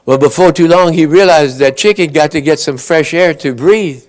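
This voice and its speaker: A folksy storyteller with a Cajun Louisiana accent spins tall tales in an easygoing drawl. His voice sits a little high for a man. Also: moderate pace. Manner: folksy joke-telling drawl. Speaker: storyteller at an awards banquet. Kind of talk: comic storytelling.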